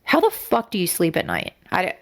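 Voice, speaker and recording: With a fairly low voice that swings hugely in pitch, a young adult woman talks fairly quickly on the true-crime podcast she co-hosts. She's blunt, swears plenty, and grows emotional as she goes.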